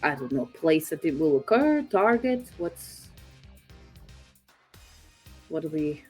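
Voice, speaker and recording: A woman playing a tabletop role-playing game, chatty and animated, talking with lots of fillers. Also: deep voice, takes it slowly, husky, soft background music. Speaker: player. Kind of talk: casual tabletop role-play.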